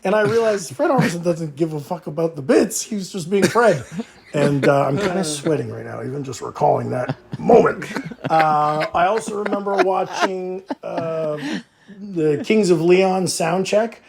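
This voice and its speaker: A man's voice: on the high side, animated, moderate pace, vocal fry, a crowd in the background. A man telling a sheepish, self-mocking story in a voice note, laughing as he goes. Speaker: writer sending a voice note. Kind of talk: casual anecdote. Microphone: phone voice memo.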